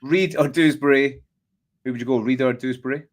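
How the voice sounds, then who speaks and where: A Scottish man hosting a casual football chat, talking in an animated way and often asking "do you know what I mean". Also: mid-range voice, fairly quick. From Scotland. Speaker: podcast host.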